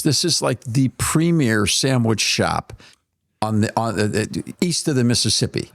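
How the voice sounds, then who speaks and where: A man's voice: mid-range voice, a little slow, vocal fry, no echo, soft background music. A man co-hosting a casual talk show, playful and teasing as he starts the conversation. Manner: playful, teasing, lively emphasis. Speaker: podcast co-host. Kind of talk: casual chat.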